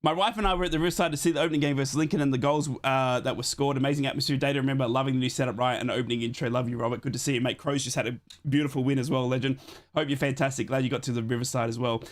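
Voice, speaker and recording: A young man hosting a live football watchalong stream from home, hoarse from a chest infection and thanking viewers over and over. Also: medium pitch, steady tone, rapid-fire. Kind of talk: excited live-stream chat. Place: home streaming setup in Australia.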